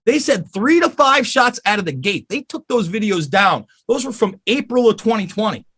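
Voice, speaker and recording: Casting: high, very animated male voice, furious and swearing, podcast guest rant. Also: normal speed, husky. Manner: angry, profane, emphatic.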